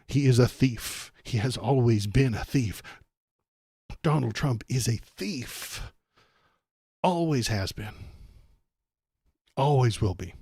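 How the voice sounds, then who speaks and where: A man's voice: mid-range voice, expressive, slow pace, pauses often, darkish tone, husky, dry recording, clean studio sound. A man hosting a political stream, ranting with sarcastic, profane exasperation.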